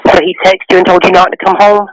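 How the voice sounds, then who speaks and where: A woman working as an emergency dispatcher, calm and steady, giving instructions on a phone call. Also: fairly low pitch, quick pace. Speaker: 911 dispatcher. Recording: noisy phone line recording.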